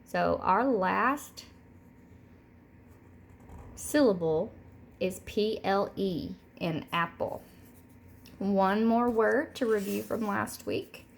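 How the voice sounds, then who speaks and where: A woman teaching a recorded third grade word lesson, speaking clearly and repeating each word slowly for the children. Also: medium pitch, a little hiss or hum. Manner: slow, clear, modeling words by repeating them.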